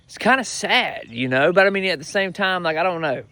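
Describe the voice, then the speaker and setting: A young man doing a crude, brash comedy monologue with loud punchlines. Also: sits high, animated, a little fast. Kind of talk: stand-up style comedy monologue.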